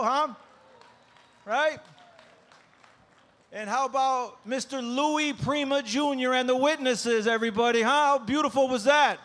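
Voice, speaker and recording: A man's voice: very high-pitched, moderate pace, long pauses, fairly bright tone. A male stand-up comedian opening his set with loose crowd work and stammered restarts on a stage microphone. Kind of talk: live stand-up opener.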